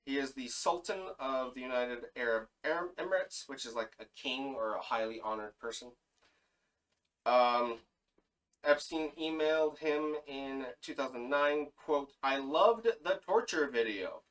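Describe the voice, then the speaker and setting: A man's voice: medium pitch, animated, unhurried, a bit bright, distant mic, low-quality recording. A man co-hosting a casual podcast, reading through a list of names with fillers and self-corrections. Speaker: podcast co-host.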